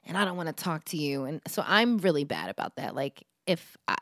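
A woman's voice: low voice, sing-song, brisk, fairly bright tone, no room sound. Candid, laughing young woman, dry sound. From Philadelphia. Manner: candid, laughs often, self-mocking. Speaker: podcast guest. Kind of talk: casual chat.

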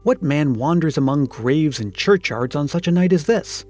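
A man's voice: on the high side, expressive, normal speed, a little mellow. A man voicing a malicious male goblin who questions in a stern, mocking way, reading a storybook aloud with faint music behind.

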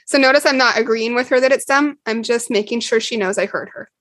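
Mom on a podcast walking through parenting steps, calm and chatty, dry close mic. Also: female voice, on the high side, fast talker, hardly any pauses, no room sound. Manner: calm, explanatory, acts out quotes with laughs. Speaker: parenting guest. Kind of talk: podcast interview explaining steps.

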